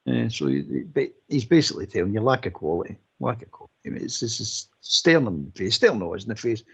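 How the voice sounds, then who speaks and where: Gravelly blunt football pundit. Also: male voice, fairly low pitch, sing-song, quick pace. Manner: blunt, repetitive, heated. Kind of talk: casual football phone-in chat. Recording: dull lo-fi line.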